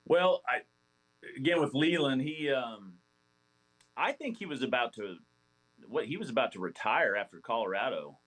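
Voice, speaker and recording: A man in his forties, a former ballplayer guesting on a podcast, telling stories in a rambling, animated way with many restarts. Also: medium pitch, normal speed, pauses often, low-quality recording. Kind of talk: casual storytelling interview.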